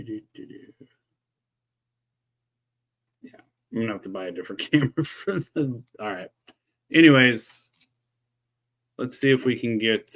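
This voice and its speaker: A man's voice: lowish voice, fairly bright tone. A man casually chatting on a live stream, muttering and joking sarcastically as he fixes his camera and microphone. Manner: dry sarcastic asides while fumbling with gear. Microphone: desk microphone he keeps adjusting.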